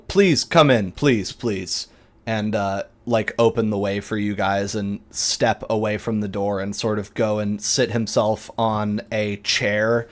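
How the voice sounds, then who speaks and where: Slow-talking male game master. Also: lowish voice, clean tone. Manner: relaxed, hesitant with fillers. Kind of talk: narrating a tabletop game.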